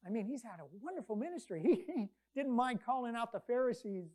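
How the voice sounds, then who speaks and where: A woman preaching a conversational sermon, retelling scripture stories with lively quoted voices. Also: a little high, a little fast, hardly any pauses.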